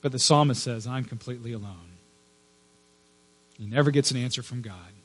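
A man preaching a sermon in an earnest, emphatic way, dropping to a hush at times. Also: mid-range voice. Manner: earnest, emphatic with hushed pauses. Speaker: pastor.

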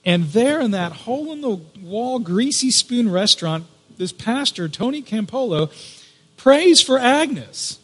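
A man, a pastor, telling a story in a conversational sermon, often halting with fillers and restarts. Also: extremely high pitch, expressive, fairly bright tone, husky. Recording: long reverb of a large hall.

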